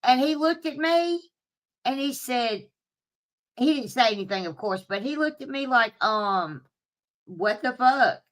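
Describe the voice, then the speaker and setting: A woman telling a story to her viewers in a casual, animated way, swearing freely and laughing at herself. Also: high voice, unhurried. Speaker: streamer talking to live chat.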